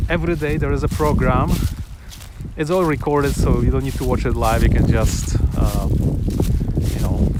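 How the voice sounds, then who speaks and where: Outdoors on a sunny afternoon, a male vlogger chats casually and enthusiastically to camera, rambling with restarts and little chuckles. His voice is medium-pitched and the audio is very noisy.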